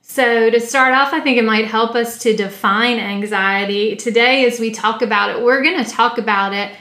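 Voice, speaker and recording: Woman podcast cohost, kinda high voice, careful teaching tone, echoey. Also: steady tone, moderate pace, sharp tone. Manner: thoughtful, explains step by step. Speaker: podcast co-host. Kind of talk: teaching-style discussion. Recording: roomy echo.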